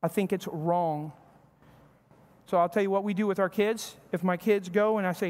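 A man's voice: high voice, fairly even intonation, normal speed, a little mellow. A male pastor preaching a sermon, talking in a conversational way and acting out short bits of family dialogue. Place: church sanctuary. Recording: church hall reverb.

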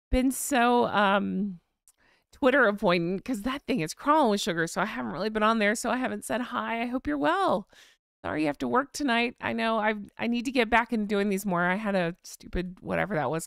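A woman's voice: mid-range voice, creaky, smooth, no echo, studio quality. An American woman hosting a live chat, chatting casually, reading viewer comments and sighing with vocal eye rolls. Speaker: live stream host.

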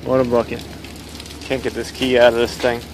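A man's voice: medium pitch, completely flat delivery, moderate pace, noisy background. A tow truck driver talking casually as he drives, with a griping, sarcastic running commentary. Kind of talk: casual vlog chat while driving.

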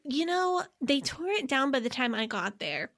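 Podcast co-host, woman, bright and punchy, chatty and lively, dry close sound. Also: high voice, moderate pace, no room sound. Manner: lively, explains with frequent "like" fillers. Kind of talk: casual podcast chat.

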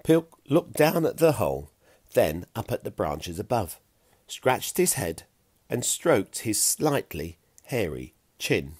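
A man narrating a children's storybook chapter with an animated, expressive reading. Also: fairly low pitch, slow, breathy edge, dry recording, studio quality.

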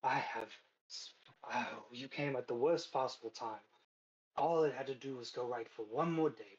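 A man doing a high-class woman crime boss. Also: slightly rough, muffled recording.

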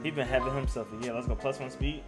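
A young man giving casual, slangy commentary on his own football video game, getting loudly hyped over big plays. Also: medium pitch, fast talker. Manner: excitable, slangy, hypes up plays. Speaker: gaming YouTuber. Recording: music playing in the background.

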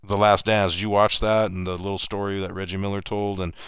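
A man's voice: on the low side, level tone, brisk, a bit bright, clean tone, no echo. A man streaming gameplay and telling a long story in a casual, rambling way, often restarting his sentences. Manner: mimics other people in raised voices when retelling stories.

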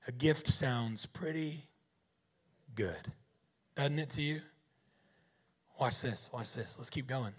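A husky-voiced man preaches with bounce and humor, his pitch riding high and swinging wide. He keeps tossing questions at the crowd and joking his way through the point. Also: a little slow. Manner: animated, joking, rhetorical questions. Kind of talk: sermon.

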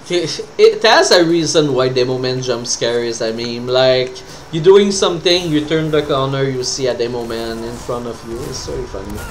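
A man's voice: medium pitch, a little hiss or hum. A man with a French accent giving casual, rambling commentary over gameplay, sounding tired. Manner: rambling, with trailing fillers. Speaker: streamer.

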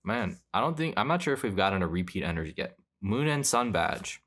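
A man's voice: low-pitched, big pitch swings, fairly quick, a bit bright. A young man chatting casually while opening trading card packs, rambling and correcting himself as he goes. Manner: rambling, offhand, self-correcting. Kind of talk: casual pack-opening commentary.

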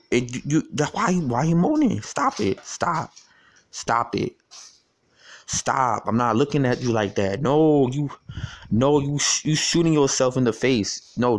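A man's voice: mid-range voice, a little slow, a little hiss or hum. Young man, taunting, stammers and swears. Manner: taunting and profane, with many stammered repeats. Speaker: vlogger. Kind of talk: casual phone conversation.

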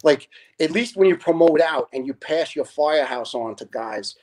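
A man in his fifties, a retired fire lieutenant and podcast guest, telling animated, profane stories in casual chat, laughing often and restarting his sentences. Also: fairly high pitch, normal speed. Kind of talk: casual storytelling.

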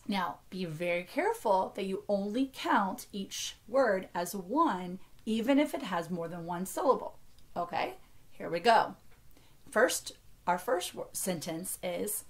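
Sounding out words with care for young kids, an American woman in her thirties teaches an early-grade reading lesson in a medium-pitched voice.

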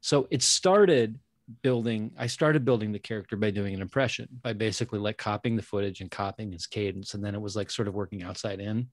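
A man's voice: on the low side, brisk, dry recording. A man, an actor and guest player, chatting casually after a tabletop game, rambling and thinking aloud.

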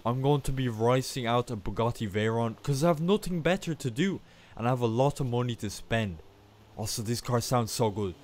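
A young man talks through his gameplay in a casual, chatty way. His voice sits at a middle pitch, and he keeps breaking into excited exclamations and poking fun at himself. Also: brisk. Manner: excitable, self-mocking, exclaims often. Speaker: gaming YouTuber.

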